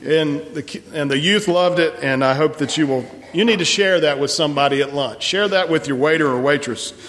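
A pastor with a fairly bright voice on the high side moves briskly through church announcements and congregational song leading, folksy and encouraging, frequently restarting his sentences. The big sanctuary gives his voice a long hall reverb.

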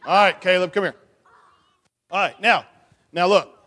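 A man leading a children's church session, playful and animated, teasing the kids with questions and cheering a young helper. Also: high voice, measured pace, long reverb tail. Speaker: children's pastor.

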